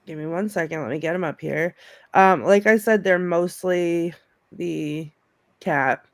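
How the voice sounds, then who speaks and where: A woman co-hosting a casual film chat over a video call, lively and laughing as she acts out favorite quotes. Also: fairly low pitch, measured pace, no echo, clean studio sound. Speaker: podcast co-host.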